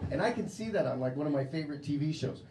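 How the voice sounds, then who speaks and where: American male stand-up comic, crude chatty delivery, animated; echoey club with loud crowd. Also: fairly high pitch, recorded from a distance, very noisy. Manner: crude, conversational, laughing at own jokes. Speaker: stand-up comedian. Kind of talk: stand-up comedy set. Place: comedy club, indoors.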